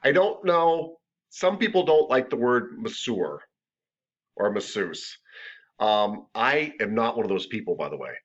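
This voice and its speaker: A middle-aged man teaching a massage therapy class in a chatty, joking way with animated asides. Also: mid-range voice, unhurried, highs cut off. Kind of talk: classroom lecture.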